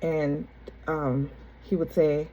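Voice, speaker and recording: Woman vlogger, young adult, dark low husky voice, casual storytelling that rambles and loops back. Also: level tone, slow pace, poor audio. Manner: rambling, repeats herself, frequent restarts and ums. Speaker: vlogger telling her life story. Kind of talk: casual personal storytelling to camera.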